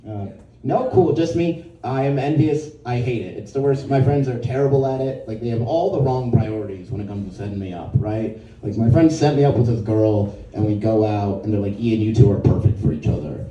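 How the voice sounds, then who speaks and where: A man doing a stand-up set, telling stories casually and dropping into lower voices to quote people. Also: fairly quick, warm tone, roomy sound, distant mic, dull audio. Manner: conversational storytelling, quotes others in a lower voice. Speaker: stand-up comedian. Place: comedy venue with a live audience.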